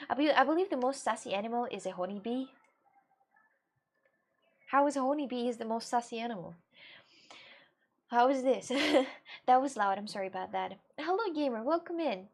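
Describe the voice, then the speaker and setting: Animated woman streamer chatting. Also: a little high. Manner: animated, ranting, laughs often, fillers like "you know". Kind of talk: casual live-stream chat.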